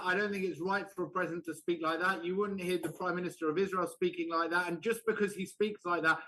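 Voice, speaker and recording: A man's voice: high voice, bright, forceful tone, poor audio. Insistent man arguing as a debate panelist. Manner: insistent, defends his side, some hesitant restarts. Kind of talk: heated televised debate.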